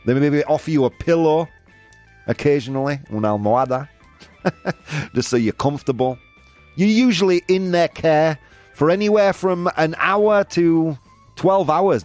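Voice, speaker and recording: A man's voice: a little high, no echo. A man hosting a live quiz game with his audience, reading out their answers in a playful way and laughing often. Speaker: host. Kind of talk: live-stream game show with chat.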